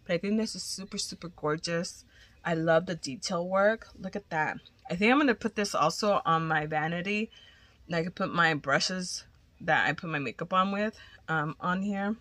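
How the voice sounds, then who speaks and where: A woman's voice: lowish voice, moderate pace, fairly bright tone, no room sound. A woman vlogger chatting casually and gushing as she unboxes crochet gifts, cursing now and then.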